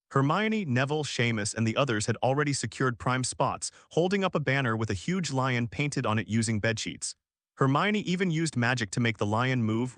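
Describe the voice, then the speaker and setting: A man narrating a fan fiction audiobook at a steady, even pace. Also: medium pitch, dry recording, studio quality.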